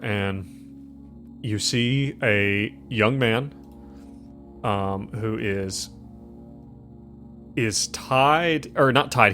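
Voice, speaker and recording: Low-voiced man running a tabletop game. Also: fairly bright tone. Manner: rambling, with frequent fillers. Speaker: game master.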